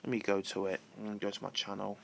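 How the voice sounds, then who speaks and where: A man's voice: on the low side, monotone, fast talker, gravelly, fairly bright tone. A man ranting casually to camera, repetitive and swearing freely. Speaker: vlogger.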